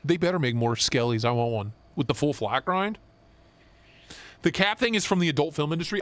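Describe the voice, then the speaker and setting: A young man co-hosting a live stream, chatting casually and swearing as he jokes and gets excited. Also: sits high, moderate pace, clean tone. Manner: excited, profane, joking. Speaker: knife show co-host.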